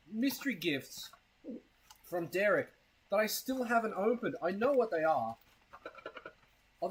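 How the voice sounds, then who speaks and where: A man's voice: sits high, slightly rough, low-quality recording. A man chatting casually on a live stream, rambling and crude, with a self-mocking tone and a case of hiccups. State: has hiccups.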